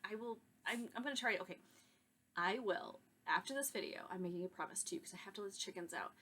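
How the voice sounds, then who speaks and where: A woman hosting her own podcast, talking casually and excitedly to viewers, rambling with asides and soft laughs. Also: lowish voice, quick pace, husky. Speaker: podcast host. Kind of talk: casual chat to camera.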